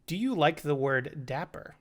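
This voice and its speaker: A young man co-hosting a casual chat show, firing off playful quick questions at his friend and laughing along. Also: a little high, lively intonation. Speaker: podcast co-host.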